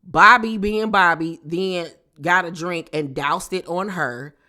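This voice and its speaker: A woman recapping a reality TV episode in a casual, animated, gossipy way, with slangy exclamations. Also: on the low side, slow pace. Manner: animated, gossipy retelling with acted-out quotes.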